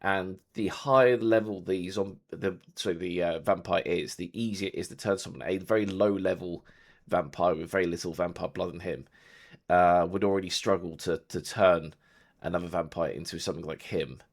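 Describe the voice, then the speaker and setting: A man's voice: low voice, steady tone, normal speed. A man acting as game master, explaining rules and scenes loosely with many fillers. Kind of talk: narrating a tabletop game.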